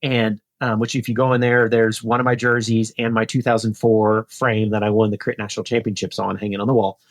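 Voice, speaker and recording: With a lowish voice and a slightly fast pace, a man in his forties who used to race professionally tells a podcast story in an easygoing, animated way. He heightens his voice to perform the dialogue, and the sound is dry and clean, like a studio.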